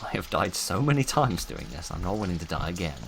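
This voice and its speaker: A deep-voiced man talks through a game in a wry, rambling patter, muttering to himself as he works out each step. Noise sits clearly behind his voice. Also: big pitch swings, brisk. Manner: wry, chatty, talks to himself while playing. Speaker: gaming YouTuber. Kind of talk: casual let's-play commentary.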